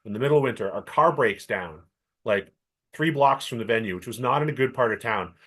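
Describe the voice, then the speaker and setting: Man, middle-aged, from Canada, podcast co-host, animated storyteller, casual chat. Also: mid-range voice, brisk. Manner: animated storyteller, acts out quoted voices.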